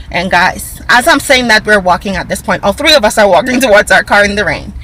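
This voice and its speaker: A woman telling a casual storytime vlog, animated, talking to her viewers and acting out what people said. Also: fairly high pitch, a little fast, slight background noise, poor audio. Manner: acts out quoted dialogue in raised voice. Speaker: vlogger.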